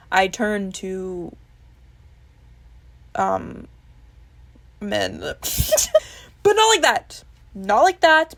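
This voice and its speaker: A young woman talking candidly to camera in a casual vlog, swearing freely and laughing at herself. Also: mid-range voice. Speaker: vlogger. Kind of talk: casual confessional chat.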